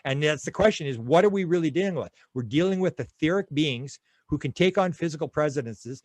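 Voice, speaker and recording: A man's voice: fairly high pitch, lively intonation, fairly quick, no echo. A man being interviewed, telling stories in a rambling way with many restarts. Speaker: interview guest. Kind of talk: conversational interview.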